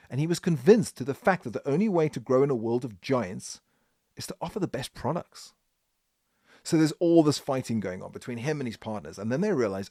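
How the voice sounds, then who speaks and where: A man hosting a podcast, telling a business history story in an animated, emphatic way. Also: mid-range voice, fairly quick, dry recording, studio quality. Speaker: podcast host.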